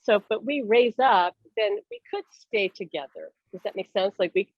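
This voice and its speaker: A woman's voice: medium pitch, expressive, normal speed, dry recording, dull audio. A woman hosting a casual chat about spirit contact, telling stories animatedly and laughing often. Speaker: host, spiritual medium. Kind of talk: casual video-call chat.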